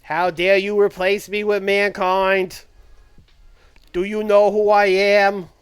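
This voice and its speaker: A man doing an impression of an indignant middle-aged male wrestler with a Boston accent, loud and outraged. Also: sits high, flat delivery, clear, resonant tone, no echo, faint music behind, pitched above the performer's own voice. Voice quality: loud, slowed, outraged delivery.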